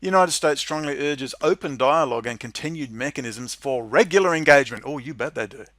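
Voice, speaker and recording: A middle-aged Australian man reads out clauses of legislation and mocks them with biting sarcasm. His voice sits at a mid pitch. It is close and dry, with no room sound. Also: animated, brisk, no echo. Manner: sarcastic, mocking, swings into loud incredulous laughter. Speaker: political commentator. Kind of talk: monologue reading and commenting on legislation.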